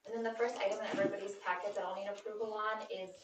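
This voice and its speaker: A woman on staff giving a steady report to a city council at a meeting, plain-spoken and methodical, with frequent fillers. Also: medium pitch, very fast. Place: council chamber. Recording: echoey room, distant mic, background noise.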